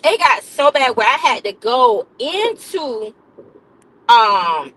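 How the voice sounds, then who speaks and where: Lively high-voiced woman storyteller. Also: a little hiss or hum, rough recording. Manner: dramatic, repetitive, calls listeners baby and honey. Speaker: live streamer and nurse. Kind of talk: animated comic storytelling to a live chat.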